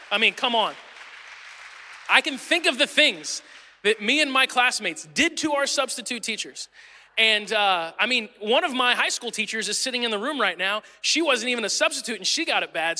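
Young male pastor, high bright voice, casual joking sermon delivery, reverberant hall. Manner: casual, joking storyteller who acts out quotes. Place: church auditorium.

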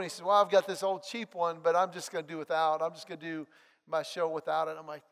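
A man preaching a sermon, telling a personal story and acting out the dialogue in an animated way. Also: on the high side, fast, creaky, clear, resonant tone. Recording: long hall reverb.

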